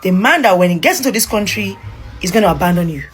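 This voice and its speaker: A woman's voice: medium pitch, lively intonation, fast, soft background music. A woman giving an exasperated opinion monologue, repeating points for emphasis. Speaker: social media commentator.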